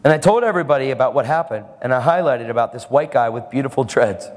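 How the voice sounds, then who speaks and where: A man's voice: mid-range voice, lively intonation, fast, big-room sound, a little hiss or hum. A man preaching a sermon, telling a story and acting out the lines of the people in it.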